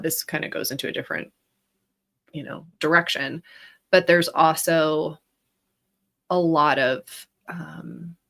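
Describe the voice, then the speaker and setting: Bright-voiced woman, casual storyteller, lively with frequent laughs and fillers. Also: lowish voice. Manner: animated, laughing often, many fillers.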